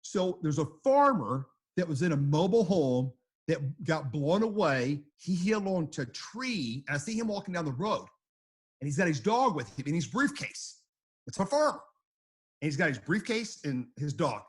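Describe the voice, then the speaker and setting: A storm chaser speaks with a husky, slightly high-pitched voice. He tells his stories casually. He rambles and repeats himself. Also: big pitch swings, moderate pace. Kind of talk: casual storytelling.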